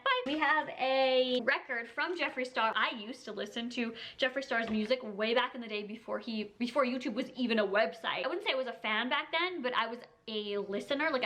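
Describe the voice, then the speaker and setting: Beauty vlogger, twenties, female; bubbly and gushing, fairly high voice, casual filler-heavy delivery. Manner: gushing, excitable, lots of "like" and "oh my God". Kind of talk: casual product unboxing. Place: indoor room with colored backdrop.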